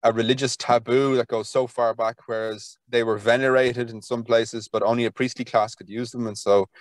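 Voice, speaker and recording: In a relaxed podcast interview, an Irish folklore archivist speaks at a middle pitch and moderate pace, eager and meandering. He keeps restarting sentences and padding them with "kind of." The sound is close and dry, with no echo or room tone.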